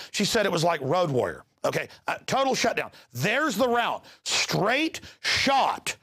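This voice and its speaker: Agitated male host, middle-aged, gravelly and highly animated; ranting commentary with stuttered repeats. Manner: agitated, ranting, repeats words when excited. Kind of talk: heated news commentary.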